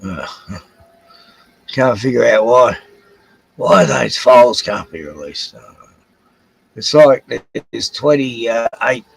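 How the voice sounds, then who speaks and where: A man's voice: mid-range voice, lively intonation, takes it slowly, gravelly, long pauses, breathy edge, no echo, poor audio. An older Australian man rambling through a casual solo livestream at home, swearing freely as he drifts between topics. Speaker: livestream host.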